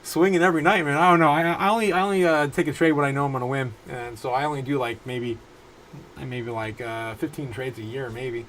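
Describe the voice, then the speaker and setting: A man in his thirties hosting a casual crypto livestream from his home, rambling through viewer comments with halting restarts and frequent laughs. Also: medium pitch, steady tone, fairly bright tone, slight background noise, rough recording. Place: home room.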